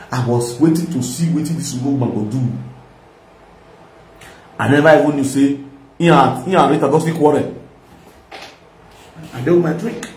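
A social media commentator with a Nigerian accent delivers a mocking, rambling reaction, laughing often. His voice is a little high and sounds far from the mic in an echoey room, with slight background noise.

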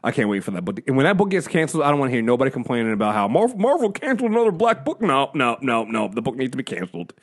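Lively, rambling male podcast host. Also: mid-range voice, racing, few pauses. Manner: rambling, swears a lot, laughs. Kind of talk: casual review chat.

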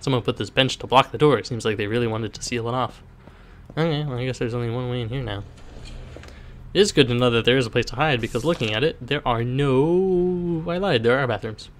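A man's voice: medium pitch, fairly quick, a little hiss or hum. A man commenting on a horror game he plays, reading its dialogue aloud with playful voices and wry jokes. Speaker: gaming commentator.

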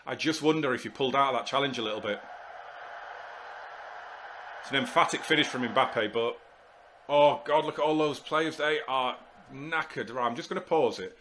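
A man commentating live on his football management game, exasperated and muttering to himself, with sudden shouts when goals go in. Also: medium pitch, a little fast, long pauses, slight background noise. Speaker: gaming YouTuber.

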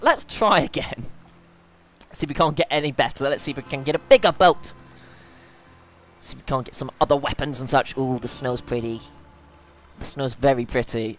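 A woman commentating over gameplay in a chatty, playful way, often breaking into panicked squeals. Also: rumbling low. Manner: excitable, squeals and panics during play; chatty, playful self-mockery. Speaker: let's play gamer.

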